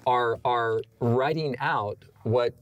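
A man's voice: medium pitch, takes it slowly, no room sound, dull audio. Earnest male storytelling panelist. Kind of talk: faith discussion panel.

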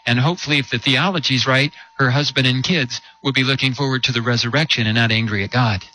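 A man delivers a sermon in a bright, forward voice at an ordinary pitch. He tells a story and keeps asking rhetorical questions, slowing and dropping low on the heavy points. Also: rough recording. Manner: storytelling with rhetorical questions and slow emphatic drops. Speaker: preacher.

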